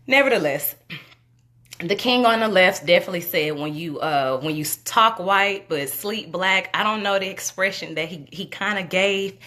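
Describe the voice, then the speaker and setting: Excitable young woman vlogger. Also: fairly low pitch. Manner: excitable and chatty, full of "like" and "y'all". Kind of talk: casual commentary vlog.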